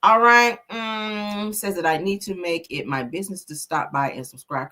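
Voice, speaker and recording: A woman's voice: on the low side, moderate pace, hardly any pauses, sharp tone. A woman hosting a casual live-stream gossip chat, sassy and profane, reading out viewer comments. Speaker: host.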